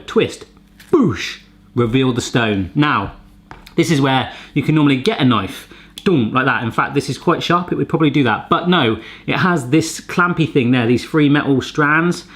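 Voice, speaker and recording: Chatty, pun-loving male host testing gadgets in his kitchen. Animated delivery. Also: fairly high pitch. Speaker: cooking channel host. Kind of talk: casual gadget-testing vlog. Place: home kitchen.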